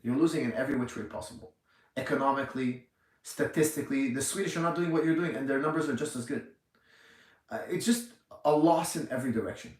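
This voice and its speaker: A man's voice: mid-range voice, fast talker, far from the mic. Indignant man ranting in an echoey gym. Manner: indignant, emphatic, repetitive. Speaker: gym owner. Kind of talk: livestream rant. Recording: echoey room, off mic.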